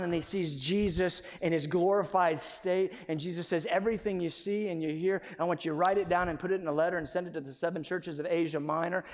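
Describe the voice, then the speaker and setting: A man preaching a passionate sermon, swinging from loud proclamation to hushed storytelling. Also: sits high, in a large hall.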